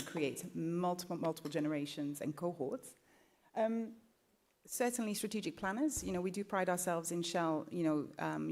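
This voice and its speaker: A woman's voice: on the low side, darkish tone. A woman speaking on a conference panel in a chatty, hedging way, full of "you know" fillers. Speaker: panelist, scenarios team member. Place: conference stage.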